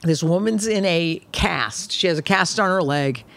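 A middle-aged woman comedian chatting casually, telling stories in a brash, animated way and swearing freely. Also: lowish voice, moderate pace, gravelly. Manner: brash, animated storytelling with profanity. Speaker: comedian guest. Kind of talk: casual chat.

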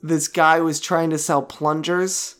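A man's voice: fairly high pitch, little pitch movement, slow pace, fairly bright tone. A man co-hosting a podcast, talking casually and thinking aloud, often restarting his sentences. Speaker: podcast co-host. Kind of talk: casual chat.

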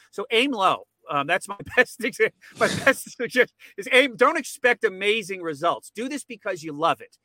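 Bright, energetic man guest. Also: high-pitched, no echo. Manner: rambling, repeats words when excited. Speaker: podcast guest. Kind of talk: casual interview.

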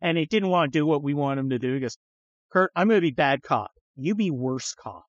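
Profane, animated middle-aged male storyteller. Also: a little high, fairly quick, dry recording. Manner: profane, animated, acts out quoted voices. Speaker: podcast host. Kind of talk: casual storytelling chat. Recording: slightly dull, dry studio sound.

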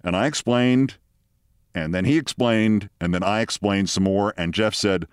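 A middle-aged man with a New York accent hosting a podcast, telling a story with a wry, deadpan delivery and signing off the show. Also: fairly low pitch, unhurried, no room sound, studio quality. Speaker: podcast host. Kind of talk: storytelling monologue and show sign-off.

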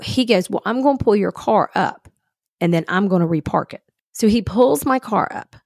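Woman, low voice, gravelly, animated storyteller, dry close sound. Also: moderate pace, no room sound. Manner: animated storyteller, acts out quoted dialogue. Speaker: podcast co-host. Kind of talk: casual storytelling chat.

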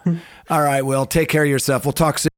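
A man's voice: fairly high pitch, level tone, fairly quick. A man hosting a podcast interview in a friendly, appreciative manner. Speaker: podcast host. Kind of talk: casual interview chat.

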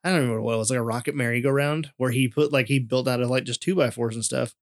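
A young man chatting on a podcast in a relaxed, rambling way, full of fillers and easy laughs. His voice is recorded close and dry, with no room sound, and sits at an ordinary middle pitch. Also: fast talker, no echo. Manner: laid-back, rambling with many fillers and laughs. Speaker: podcast co-host. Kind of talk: casual chat.

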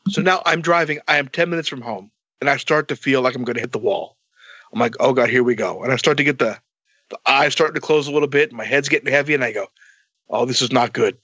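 A man telling a long story in a casual, animated way, swearing a lot and acting out both sides of the dialogue. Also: mid-range voice, fast talker, husky, dry recording, highs cut off.

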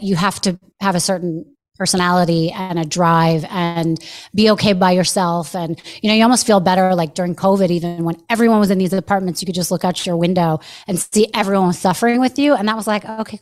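A woman chatting casually as a podcast guest, rambling with many fillers. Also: medium pitch. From New York. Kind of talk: casual chat.

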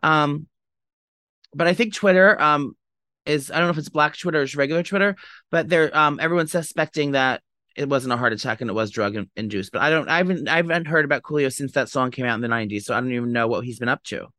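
Fast-talking, gossipy man. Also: a little high, sharp tone, no room sound, clean studio sound. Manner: chatty, dramatic, gossipy. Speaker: podcast co-host. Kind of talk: casual chat.

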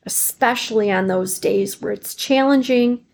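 A woman with a slightly high voice and vocal fry hosts a podcast at a measured pace, offering supportive self-help advice. She asks many encouraging rhetorical questions, uses fillers and restarts, and grows emotional at times.

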